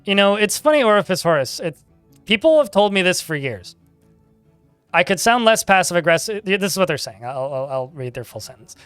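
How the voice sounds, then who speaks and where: Young male streamer, chatty and dry, a touch sarcastic, slightly high clean voice over faint music. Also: sing-song, a little fast, fairly bright tone, clear, resonant tone, dry recording. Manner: dry, sarcastic-sounding delivery. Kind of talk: casual livestream chat while gaming.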